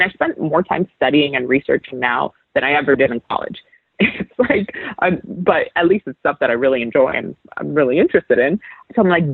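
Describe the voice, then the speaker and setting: Husky young woman on a tinny line. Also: low voice, dry recording. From New York City. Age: young adult. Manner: chatty, frequent fillers and restarts. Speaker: guest, sports reporter. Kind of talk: casual interview chat.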